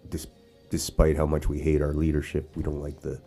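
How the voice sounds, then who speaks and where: A man's voice: rumbling low, monotone, a little fast, dark tone, breathy edge, soft background music. A man from Canada hosting casual political commentary, rambling with frequent restarts and asides. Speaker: host. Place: outdoors or casual setting in Sarnia.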